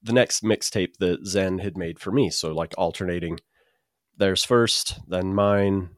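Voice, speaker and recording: A man's voice: sits low, measured pace, dry recording, studio quality. A man co-hosting a podcast in casual chat, with many restarts and fillers. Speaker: podcast co-host.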